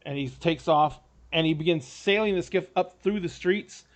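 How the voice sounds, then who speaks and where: A man's voice: fairly high pitch, normal speed. A man running a tabletop game as game master, describing scenes in a rambling way with frequent restarts.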